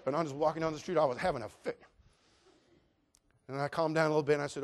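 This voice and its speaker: A man preaching a sermon, telling a personal story in an animated way, going from loud outbursts to quiet, prayerful asides. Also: fairly high pitch, very fast. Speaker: pastor.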